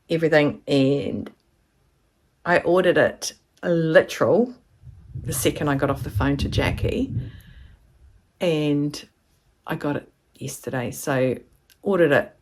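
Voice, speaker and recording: Low-voiced chatty New woman. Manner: chatty, rambling, acts out quoted voices. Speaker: vlogger. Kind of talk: casual chat to camera.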